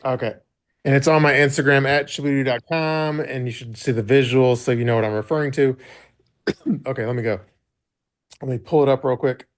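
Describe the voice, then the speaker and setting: A man's voice: mid-range voice, steady tone, moderate pace. Rambling, cursing male podcast host. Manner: rambling, profane, gossipy. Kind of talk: casual chat.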